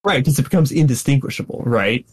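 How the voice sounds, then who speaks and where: A man co-hosting a podcast in casual chat, agreeable and quick to chuckle. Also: mid-range voice, lively intonation, husky. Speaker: podcast co-host.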